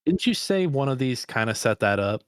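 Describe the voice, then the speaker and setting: A wry man co-hosting a movie podcast, reacting with blunt swearing and lively disbelief. His voice sits in an ordinary middle range. It sounds close and dry, with no room around it. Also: medium pitch, moderate pace, clean tone, no echo. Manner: wry, profane, animated reactions. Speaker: podcast co-host. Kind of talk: casual movie review chat.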